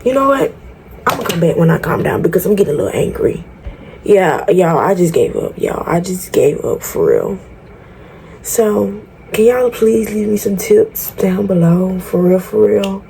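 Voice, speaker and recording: A woman's voice: mid-range voice, sing-song, moderate pace, gravelly, dark tone, a little hiss or hum. A woman vlogging a tutorial in casual chat, talking straight to her viewers, frank, exasperated and swearing freely. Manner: chatty, talks straight to viewers. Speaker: beauty vlogger.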